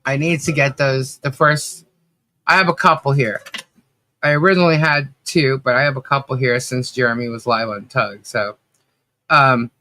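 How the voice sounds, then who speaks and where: Her voice is very deep and her speed normal. As a podcast co-host, this woman chats casually and with animation, frequently laughing while telling stories.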